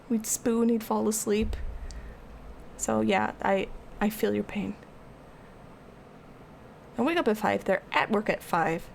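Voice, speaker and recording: A woman's voice: fairly high pitch, normal speed, vocal fry, long pauses, a little hiss or hum. A young woman art streamer rambling casually as she answers her live chat.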